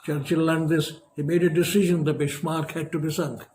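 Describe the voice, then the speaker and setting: A man giving a lecture as a professor, measured and emphatic, with long pauses. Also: on the high side, flat delivery, darkish tone, soft background music.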